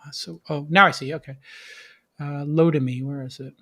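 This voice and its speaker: A man's voice: a little high, fairly even intonation, moderate pace, a bit bright. A man hosting a live-streamed show, chatting with his producer and viewers, then reading through tech news. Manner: chatty, upbeat, talks to the audience and producer. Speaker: podcast host.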